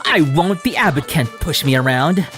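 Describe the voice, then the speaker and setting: A man voicing a polite, reserved young artist by reading his game lines calmly. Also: on the high side, normal speed, soft background music. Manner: calm, quiet dialogue reading.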